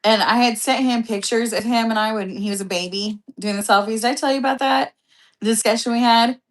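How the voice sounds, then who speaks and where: A woman's voice: fairly high pitch, fairly even intonation, fairly quick. A woman vlog host in easygoing conversation. She rambles from one anecdote to the next with a loose, profane, chatty delivery. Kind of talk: casual chat.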